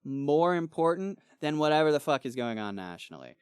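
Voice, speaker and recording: A man co-hosting a book club podcast, casually retelling the story in an animated way and slipping into quick character voices. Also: a little high, clean tone, no room sound, studio quality. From Missouri, USA. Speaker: podcast co-host.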